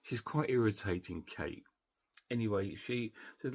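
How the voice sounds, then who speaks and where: A man's voice: on the low side, moderate pace. Chatty man rambling through a recap. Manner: rambling, chatty, with many restarts and fillers. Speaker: film reviewer. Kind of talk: casual film recap.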